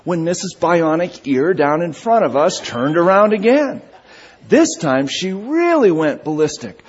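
Brief: male preacher, humorous sermon storyteller; somewhat high, husky voice, muffled lo-fi sound. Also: very animated, a little slow, slight background noise. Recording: dull lo-fi recording.

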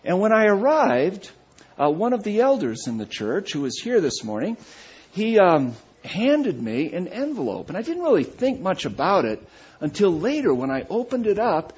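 A middle-aged man, a pastor, telling a story in a sermon with animated, self-mocking delivery. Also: high-pitched, normal speed, breathy edge, highs cut off.

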